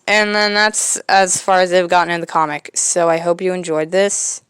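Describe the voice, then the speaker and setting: A woman's voice: on the low side, little pitch movement, normal speed, hardly any pauses, fairly bright tone, smooth, no echo. A woman podcast host casually reading a comic aloud, with some fillers.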